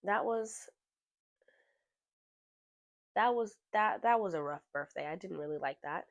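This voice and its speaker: A young adult podcast host telling a personal story candidly, swearing freely and growing animated when retelling scenes. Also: mid-range voice, measured pace, vocal fry, dry recording, lo-fi sound.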